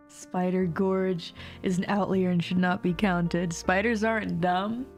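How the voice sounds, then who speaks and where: Chatty woman streamer with a gravelly edge. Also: fairly low pitch. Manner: rambling, chatty, laughs often. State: mild sore throat. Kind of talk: casual livestream chat.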